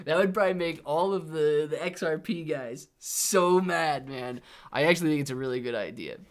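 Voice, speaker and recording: A man's voice: a little high, moderate pace. A young man hosting a casual live stream, chatting with viewers, laid-back and peppering every sentence with "dude" and "man". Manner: laid-back, says "dude" and "man" constantly, reads chat aloud. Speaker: livestream host.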